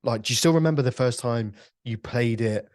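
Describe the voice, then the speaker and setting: A man's voice: mid-range voice, a little fast, darkish tone, no room sound, studio quality. A man hosting a podcast, speaking earnestly and encouragingly, with lots of fillers. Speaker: podcast host. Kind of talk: casual interview chat.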